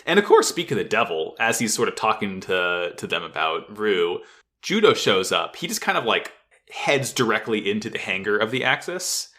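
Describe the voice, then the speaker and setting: A male podcast co-host retelling an anime episode with lots of energy and plenty of swearing. His voice is bright and lively, swinging up and down as he tells the story. He laughs often and talks in a loose, casual way. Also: fairly low pitch, moderate pace. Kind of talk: casual anime recap chat.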